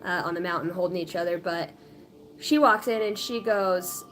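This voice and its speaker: A woman in her late thirties chatting casually on a spiritual livestream, rambling and animated, often laughing. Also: fairly low pitch, normal speed. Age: 30s. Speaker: spiritual reader.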